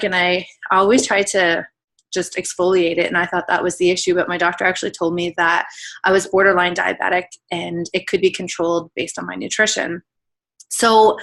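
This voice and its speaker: A woman's voice: lowish voice, a bit bright, low-quality recording. A woman in her thirties shares her personal story on a team call. She talks in a candid, emotional, chatty way, with plenty of filler words and the occasional restart. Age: 30s. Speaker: guest telling her weight-loss story.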